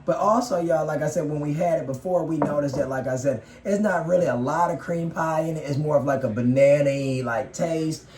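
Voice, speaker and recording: A man's voice: a little high, a little fast, few pauses, crowd noise. Rambling man chatting over snacks, echoey room. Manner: rambling, repeats "like I said". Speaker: vlogger co-host. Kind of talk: casual chat while eating. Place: home, indoors.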